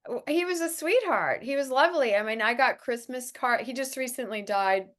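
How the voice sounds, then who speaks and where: A woman's voice: on the high side, moderate pace. A middle-aged actress telling stories in a casual interview, laughing often and acting out the people she quotes. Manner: animated, laughs often, acts out quoted voices. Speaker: actress guest.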